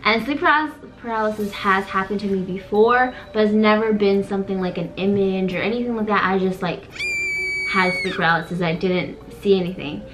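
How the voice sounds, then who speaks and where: A woman's voice: mid-range voice, a little fast, rough recording. A young woman casually telling a vivid story to camera, with lots of fillers, as co-host of a couple's channel. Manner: animated, many fillers, dramatic retelling.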